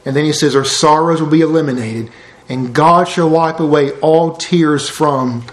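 Earnest preaching man, echoey room. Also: moderate pace. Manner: earnest, rises for emphasis then drops low and soft. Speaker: pastor. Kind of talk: sermon.

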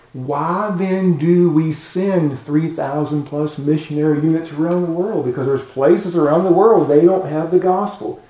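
A man preaching a sermon, firing off rhetorical questions with big swings in pitch and loudness. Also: echoey room, poor audio. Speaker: pastor.

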